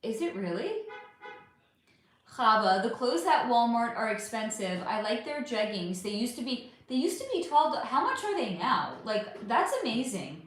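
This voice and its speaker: Reading chat aloud on her casual livestream, a young woman responds chattily, laughing and swearing freely. Her voice sits on the high side with big pitch swings, at a moderate pace, in a very echoey room.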